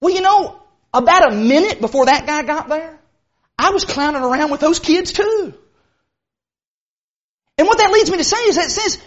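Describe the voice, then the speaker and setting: Earnest male preacher, slightly dull recording. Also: extremely high pitch. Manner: earnest, emphatic, with sudden bursts of speed and slow stressed phrases. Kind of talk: sermon.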